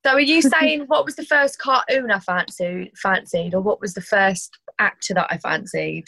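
A woman's voice: mid-range voice, normal speed, gravelly, pushed and bright, dry recording. A young woman, chatting in a playful, giggly, self-deprecating way as co-host. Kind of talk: casual chat.

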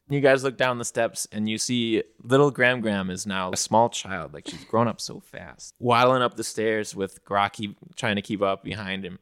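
A man's voice: fairly low pitch, moderate pace, few pauses, a bit bright, clear, resonant tone, no echo, studio quality. A man narrating as game master of a tabletop game podcast, joking as he goes.

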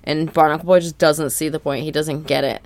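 A woman's voice: sits low, steady tone, brisk, a little mellow, no room sound. A woman co-hosting a podcast, recapping a cartoon episode in casual, rambling chat. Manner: chatty, rambling with fillers. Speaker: podcast co-host.

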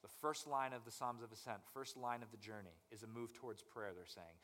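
A young man preaching a conversational sermon as pastor, animated and acting out people's inner voices. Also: medium pitch, brisk, long reverb tail.

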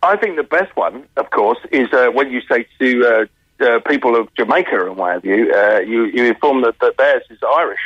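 Lively comedian talking down a phone line. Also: male voice, mid-range voice, fairly quick, slightly rough, no echo. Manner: animated, laughs often, slips into mimicked accents. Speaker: touring comedian. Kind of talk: phone interview on radio. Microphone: telephone.

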